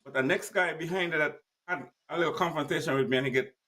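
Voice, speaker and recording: A man with a fairly high voice tells his story emphatically, speaking plainly and acting out each exchange. His voice sounds set back from the microphone, a little distant. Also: fast, sharp tone. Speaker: guest. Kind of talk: personal storytelling.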